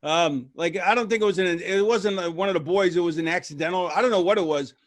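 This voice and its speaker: A man's voice: sits high, fast, no echo. A man guest telling stories in a rambling, casual way, with many restarts. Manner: rambling, restarts, lively retelling with voices. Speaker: retired wrestler guest. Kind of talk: casual storytelling.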